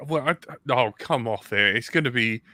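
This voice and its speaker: A man's voice: medium pitch, normal speed, sharp tone, dry recording. A man co-hosting a casual podcast chat, ranting and swearing with self-mocking humor. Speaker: podcast co-host.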